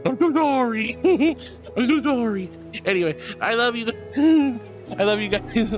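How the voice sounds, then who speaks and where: High, lively, gushing male streamer. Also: unhurried, soft background music. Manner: gushing and affectionate, calls viewers sweetie. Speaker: VTuber streamer. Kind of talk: casual livestream chat, reading chat messages. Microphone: computer mic for a VR stream.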